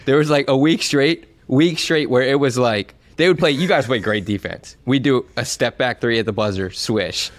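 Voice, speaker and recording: Man, mid pitch, dry sound, laid-back slangy podcast co-host. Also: moderate pace, few pauses, no room sound. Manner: slangy, relaxed, says "bro". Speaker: podcast co-host, former player. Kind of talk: casual storytelling chat.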